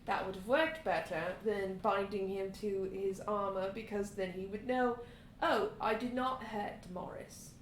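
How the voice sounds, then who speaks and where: A woman's voice: medium pitch, steady tone, a little slow. A woman playing a tabletop role-play game, narrating her character's actions and arguing animatedly with another player. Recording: echoey room, faint background noise.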